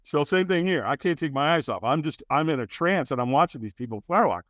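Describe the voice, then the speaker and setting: A man guesting on a podcast, telling his story with a lively, wide-ranging voice pitched slightly high. He slips into the other characters' lines with sudden jumps in pitch. The sound is close and dry, with no room in it. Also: fast, no echo. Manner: acts out dialogue with big jumps in pitch. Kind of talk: animated storytelling.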